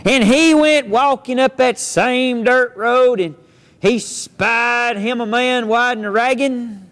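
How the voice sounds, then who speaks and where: A man's voice: extremely high pitch, slow, a bit bright. A man, a cowboy storyteller reciting poems and tales for children in a folksy, playful drawl. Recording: long hall reverb.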